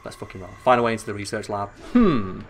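A man giving excitable, sweary, joking commentary while playing a video game. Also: fairly low pitch, quick pace, faint music behind. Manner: excitable, sweary, jokey asides. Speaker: gaming channel host. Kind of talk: let's play commentary.

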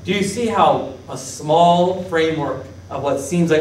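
A man preaching as pastor, lively, questioning his congregation and acting out Bible figures. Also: sits high, measured pace, slight background noise. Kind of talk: sermon. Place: church sanctuary. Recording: echoey church hall from a distance.

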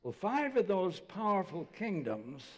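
An older man, a pastor, preaching a conversational sermon and dropping to a soft voice when quoting others. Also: high-pitched, sing-song, unhurried. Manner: conversational storytelling preacher, drops to soft voice for quotes. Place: church sanctuary. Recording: long church reverb.

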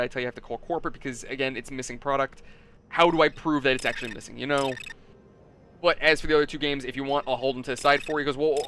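A gaming channel host with a fairly bright, highish voice tells a story casually over gameplay. He swears freely and acts out the customers as he chats.

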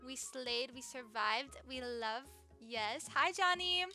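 Bubbly high-voiced young woman streamer. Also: animated, slow, bright, forceful tone, faint music behind. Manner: bubbly, chatty, reads viewer comments aloud. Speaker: live streamer. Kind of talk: live gameplay stream chat.

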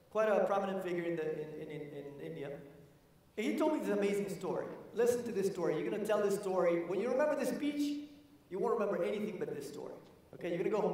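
Man, keynote speaker, energetic storytelling, high voice, large echoing conference hall. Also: recorded from a distance. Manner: energetic, storytelling, addresses the audience directly. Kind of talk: motivational conference talk. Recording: echoey hall, voice from afar.

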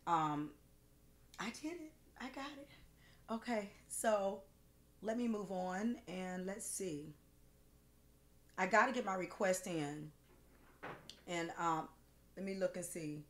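A woman hosting a cooking livestream, chatting casually, with gushing, rambling thanks full of fillers, emotional and close to tears. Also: on the low side. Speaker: cooking show host. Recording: roomy echo with faint music.

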